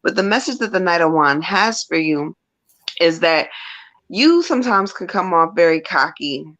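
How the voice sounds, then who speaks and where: A woman's voice: lowish voice, expressive, normal speed, fairly bright tone. A woman reading tarot cards live, explaining each card frankly. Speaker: tarot reader.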